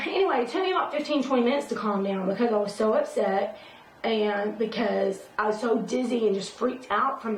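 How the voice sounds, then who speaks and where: Casting: chatty woman vlogger, a bit high-pitched, rambling, recorded at a distance from the mic. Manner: rambling, with many fillers and restarts. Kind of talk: casual storytelling vlog. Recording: roomy sound from away from the mic, faint noise.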